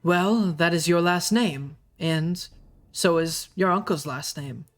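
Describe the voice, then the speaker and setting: A game master playing an elf elder, solemn, cryptic, slow, pipe in hand, tabletop game. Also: medium pitch, faint music behind, natural voice.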